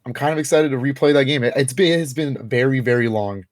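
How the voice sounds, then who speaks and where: A man's voice: mid-range voice, no room sound, clean studio sound. A young man co-hosting a podcast, talking casually and with lots of energy, his speech full of fillers and laughs. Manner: animated, lots of filler words and quick laughs. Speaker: podcast co-host. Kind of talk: casual chat.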